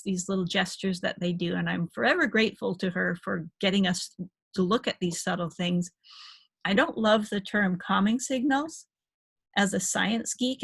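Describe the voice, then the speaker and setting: A woman talks through slides in a recorded dog-behavior lecture, chatty and easygoing, now and then laughing a little. Her voice is husky and slightly gravelly, at a middling pitch. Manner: chatty, explains slide photos with small laughs.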